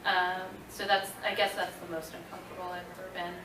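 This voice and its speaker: A woman in her thirties with a slight twang, answering audience questions at a convention panel with lots of fillers and animated storytelling. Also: lowish voice, fairly quick, recorded from a distance, background noise. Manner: chatty, many fillers, animated retelling. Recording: echoey room recorded from afar.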